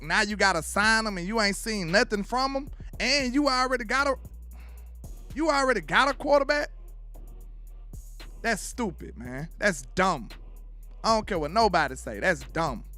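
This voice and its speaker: A man's voice: high voice, sharp tone. A man from Alabama with a Southern accent hosts casual sports commentary, loose and trash-talking, forever asking if you know what he's saying.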